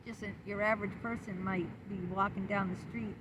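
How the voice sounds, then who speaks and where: A middle-aged woman speaks to camera in a loose, rambling way, full of "you know" and "like". Her voice sits at an ordinary pitch for a woman. Clear traffic noise runs behind her outdoors. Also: steady tone, fairly quick. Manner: candid and rambling, with many fillers. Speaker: vlogger. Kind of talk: casual personal talk to camera. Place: public spot outdoors.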